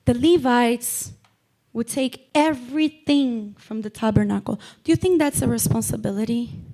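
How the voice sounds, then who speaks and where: A woman's voice: fairly high pitch, moderate pace, dark tone. A woman preaching a sermon, impassioned, repeating lines for emphasis and calling out members by name.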